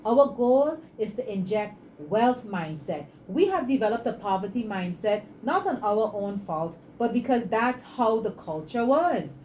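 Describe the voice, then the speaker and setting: Passionate woman with a mellow voice. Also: fairly high pitch, animated, measured pace, hardly any pauses, slight background noise, low-quality recording. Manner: passionate, preachy, acts out dialogue. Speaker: entrepreneur guest. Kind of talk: interview storytelling pitch.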